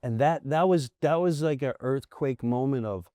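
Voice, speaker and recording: A middle-aged American man, a comedian guest on a podcast, telling candid stories in animated bursts with restarts and acted-out voices. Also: medium pitch, normal speed, no room sound. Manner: animated storyteller, acts out quoted voices, frequent restarts. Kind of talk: candid storytelling in a long-form interview.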